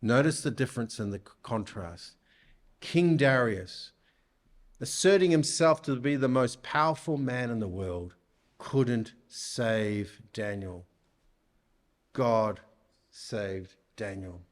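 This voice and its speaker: A man preaching a sermon in church, speaking deliberately and putting rhetorical questions to his listeners. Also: mid-range voice.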